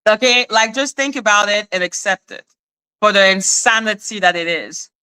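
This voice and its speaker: A woman hosting her own channel, ranting in a casual, sarcastic monologue, swearing and laughing, swinging between high mocking tones and low deadpan asides. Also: normal speed, smooth. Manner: sarcastic, exasperated, swears freely, laughs often. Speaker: commentary channel host.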